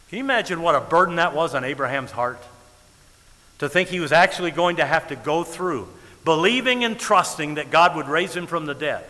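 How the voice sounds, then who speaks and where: High bright-voiced preacher in a hall. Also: male voice. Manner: dramatic preaching with slow stressed words. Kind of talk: sermon.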